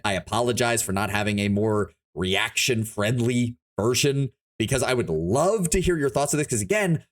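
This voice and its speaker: A male streamer talking off the cuff, his voice swinging widely up and down as he rambles. He thinks out loud, trips over his own words and starts again, in a loose, casual live-stream chat. A man who swears freely and talks without a script. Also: medium pitch. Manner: rambling, animated, thinks aloud with frequent restarts.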